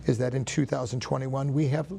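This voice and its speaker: A male cardiologist explains in a measured, teacherly way in a TV studio. His voice has a gravelly edge, and he sits at a mid pitch. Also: fairly even intonation, warm tone, slight background noise. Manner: measured explaining, some restarts. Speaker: cardiologist guest.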